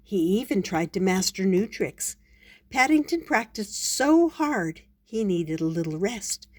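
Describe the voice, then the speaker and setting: An older woman reading a picture book aloud to children, gentle and unhurried. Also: mid-range voice, sing-song. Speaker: storyteller.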